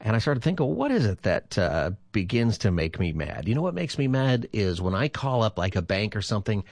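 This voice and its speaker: Male radio host, 50s, low and lively, rambling and chatty, dry close sound. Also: a little fast, gravelly, dry recording. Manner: animated, rambling and chatty, laughs easily. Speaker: radio show host and pastor. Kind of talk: call-in radio talk.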